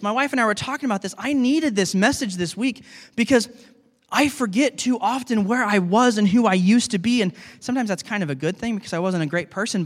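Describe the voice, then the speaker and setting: A man who is a pastor, preaching a sermon in an earnest, conversational way and talking to the congregation as guys. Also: sits high. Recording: long reverb of a large hall.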